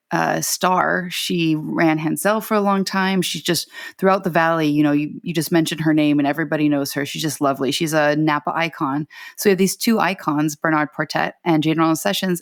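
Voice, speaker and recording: A woman's voice: sits low, creaky, no echo, studio quality. A woman, a podcast producer, chatting casually and laughing easily. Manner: chatty, laughs easily, uses many fillers.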